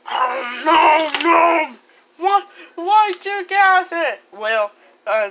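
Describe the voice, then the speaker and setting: A woman voicing every character in a homemade comedy skit, mumbling some lines and shouting others. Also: sits high, expressive, takes it slowly, slight background noise. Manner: switches between mumbling lines and sudden shouting. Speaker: amateur puppet-movie maker voicing all characters.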